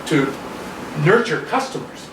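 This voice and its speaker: A man from Canada giving a casual talk to a small audience in a restaurant, rambling and animated, often acting out other people's voices. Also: on the high side, a little slow. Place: restaurant room. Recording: echoey room, distant mic, background noise.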